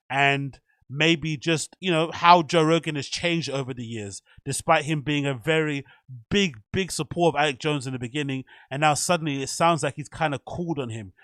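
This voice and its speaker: A man's voice: a little high, fairly bright tone, no room sound. A man hosting a show, giving chatty, opinionated commentary with meandering asides. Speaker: host. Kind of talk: casual commentary.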